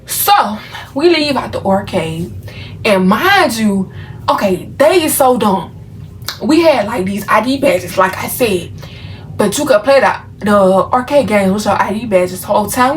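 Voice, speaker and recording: A woman's voice: a little high, animated, measured pace, distant mic, slight background noise, poor audio. A woman from Memphis telling a casual storytime to her viewers, chatty and full of fillers. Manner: chatty, talks straight to viewers, many fillers. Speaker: vlogger.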